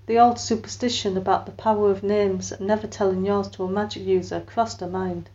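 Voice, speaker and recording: Reading a little fast with few pauses, a woman with a mid-range voice narrates a scripted audiobook, giving each character a voice and raising hers for quoted lines. High frequencies are cut off.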